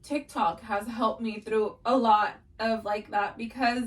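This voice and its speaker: A young woman co-hosting a podcast in casual chat, speaking haltingly with constant "like" fillers. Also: on the high side, steady tone, far from the mic. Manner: halting, heavy use of "like". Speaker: podcast co-host. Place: bedroom.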